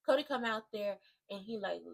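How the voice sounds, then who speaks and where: A woman giving an animated, slangy rant that recaps a wrestling show, with emphatic asides to her viewers. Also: mid-range voice, moderate pace, creaky. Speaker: wrestling commentary vlogger. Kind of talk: casual ranting recap.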